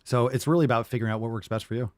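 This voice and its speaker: A man's voice: mid-range voice, steady tone, rapid-fire, no echo, studio quality. A man hosting a casual livestream, answering viewer questions and telling rambling, profane stories.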